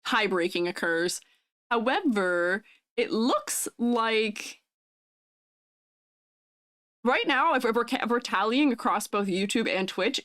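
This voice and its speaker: A young adult woman VTuber streamer with a high, youthful-sounding voice, chatting with viewers in a bubbly, giggly way. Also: a bit bright, no echo. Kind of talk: casual live-stream chat.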